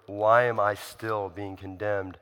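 Man preaching, conversational and emphatic, rhetorical questions, bright voice, long hall reverb. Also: fairly low pitch, flat delivery, slow, clean tone. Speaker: pastor. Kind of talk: sermon.

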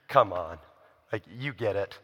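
A man's voice: fairly low pitch, a bit bright, husky, big-room sound. A man preaching a sermon in a conversational, emphatic way, asking the listeners rhetorical questions. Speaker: pastor.

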